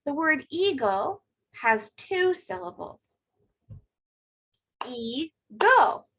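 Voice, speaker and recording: A woman teacher giving a remote phonics lesson to second graders, speaking clearly and encouragingly to young children. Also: a little high, lively intonation, takes it slowly, a bit bright, poor audio.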